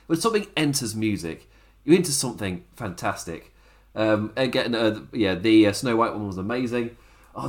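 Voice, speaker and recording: Animated, laughing man. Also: mid-range voice. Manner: rambling, laughs often, animated. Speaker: wrestling show host. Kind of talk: casual commentary to camera.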